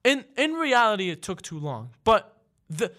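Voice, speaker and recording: A man's voice: sits high, sing-song, normal speed, pushed and bright. A young man co-hosting a sports radio show, chatting casually and stammering over his words when he is teased. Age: young adult. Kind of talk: casual studio banter. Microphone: studio microphone.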